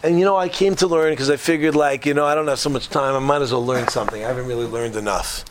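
A man voicing a gravely ill, humble man who pleads as his voice climbs in distress. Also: mid-range voice, quick pace, a crowd in the background, natural voice. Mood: anguished.

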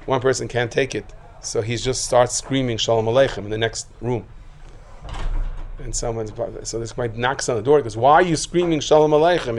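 A man preaching a sermon, his voice at an ordinary middle pitch. He spins stories and jokes, acting out the people in them and building to loud peaks. A faint noise sits under the recording. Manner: lively storyteller who acts out quotes, rising to loud outbursts. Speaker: rabbi giving a talk.

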